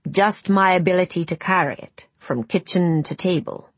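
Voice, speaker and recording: A woman voicing a fussing, kindly village woman who gently teases. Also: fairly low pitch, normal speed, husky, dry recording.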